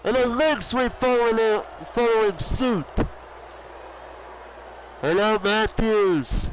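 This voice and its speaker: A young man with a high voice does wrestling play-by-play. He talks at an unhurried pace but gets animated and swears freely. A faint hiss runs under the recording. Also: poor audio. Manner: animated, swearing, shouting at big moments. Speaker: commentator. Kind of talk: excited wrestling play-by-play commentary.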